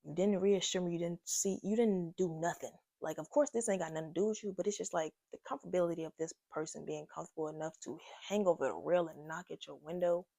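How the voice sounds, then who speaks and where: A young woman telling a casual storytime to her viewers, animated and slangy, talking straight to the camera. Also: lowish voice, fast, gravelly, few pauses, dry recording, clean studio sound. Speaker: vlogger. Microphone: own microphone.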